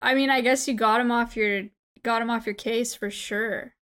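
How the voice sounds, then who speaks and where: A woman's voice: fairly high pitch, steady tone, normal speed, a bit bright. A woman co-hosting a podcast, reacting to a story with short sympathetic remarks in casual chat. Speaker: podcast co-host.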